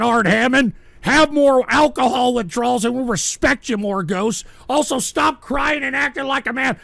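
A ranting man with a high, gravelly voice that cuts through with a sharp, bright edge. He swears constantly and yells at his chat between weary grumbling, recorded very dry and close. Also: moderate pace, few pauses, no echo. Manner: angry profane ranting, shouting at chat. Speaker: livestream radio show host. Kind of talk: ranting livestream talk reading chat.

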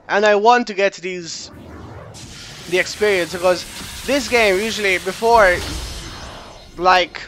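A young man giving casual, goofy commentary while playing a video game, chatting and reacting out loud to the game. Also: sits high. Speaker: let's play gamer.

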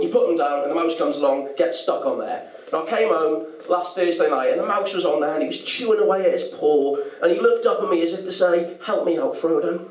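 A young man from North East England with a slightly posh northern accent, delivering a stand-up comedy set with dry, deadpan timing. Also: high-pitched, recorded from a distance. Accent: slightly posh northern English. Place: pub comedy room. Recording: loud noisy roomy pub recording from afar.

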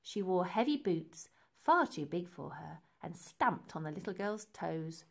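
Storybook reader, woman, lively and very expressive, slow careful pacing, a bit high. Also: gravelly, noisy background. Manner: expressive, unhurried. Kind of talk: storybook read-aloud.

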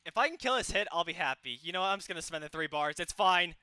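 Young male gaming host, bright and crisp, live play-by-play full of excited shouts. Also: sits high, fast talker, no room sound. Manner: excitable, yelps and shouts at the action. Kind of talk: live gameplay commentary.

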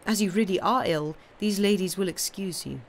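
A woman's voice: medium pitch, moderate pace, slight background noise, natural voice. A woman voicing a polite, composed society lady in a storybook reading. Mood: solicitous.

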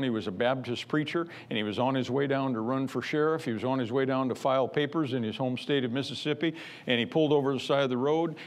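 A male pastor preaching a sermon in an emphatic, repetitive way, rising into loud bursts. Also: medium pitch.

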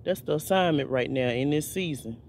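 A man's voice: on the high side, brisk, a little mellow, slight background noise. A man preaching in an informal video sermon, fervent and repetitive, often restarting his phrases.

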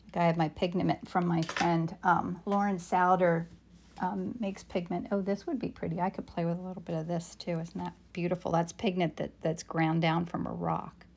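Lady painter chatting on a livestream, reads comments, talks to herself, kinda gravelly and low. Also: level tone, moderate pace, a little mellow, slight background noise. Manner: chatty, reads viewer comments aloud, murmurs to herself while working. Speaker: painter live-streaming a demo. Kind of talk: casual live-stream chat while painting.

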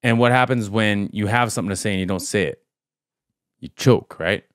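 Deep-voiced man rambling through a reaction. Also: a little fast, no echo, studio quality. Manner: rambling, animated, thinks aloud with many fillers. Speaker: music reaction host. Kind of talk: casual reaction commentary.

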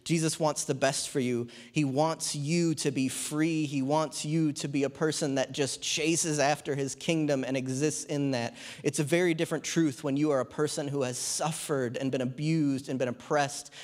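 A man's voice: a little high, steady tone, moderate pace, hardly any pauses. A man in his thirties or forties preaching a sermon in church, talking in a conversational way with humorous asides. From New Zealand.

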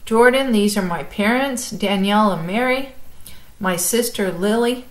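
A woman reading the lines of a kind, steady farm father in a storybook, talking in a warm, coaxing way. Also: mid-range voice, unhurried, close to an everyday voice, low-quality recording. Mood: kindly.

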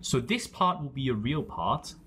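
A man's voice: medium pitch, sing-song, normal speed, a bit bright, slight background noise. A man explaining a maths problem step by step, pointing at terms as he writes them. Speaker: maths tutor. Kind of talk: explaining maths while writing.

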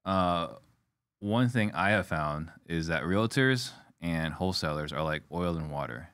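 Male host, very low voice, dry close sound, easygoing questioner. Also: animated, a little slow, fairly bright tone, no room sound. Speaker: podcast host. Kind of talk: interview questions, casual chat.

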